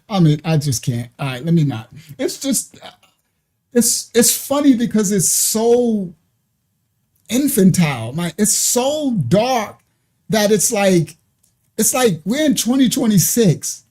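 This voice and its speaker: A man with a high but dark, mellow voice talks through the news in loose, casual commentary. He laughs often and repeats and restarts his words as he goes. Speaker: ministry channel host.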